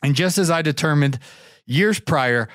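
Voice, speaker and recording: A man's voice: measured pace, no echo, studio quality. Man telling a rambling story. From Ohio. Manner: rambling, animated, pitches up for quoted voices. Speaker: show regular telling a story. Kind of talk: casual storytelling.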